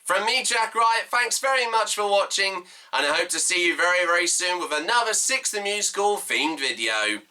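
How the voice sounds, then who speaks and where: A man's voice: high voice, expressive, normal speed, hardly any pauses, sharp tone, clear, resonant tone. A young man hosting a fan stream, gushing and laughing often as he wraps up. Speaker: fan host of a themed stream. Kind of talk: casual emotional fan commentary.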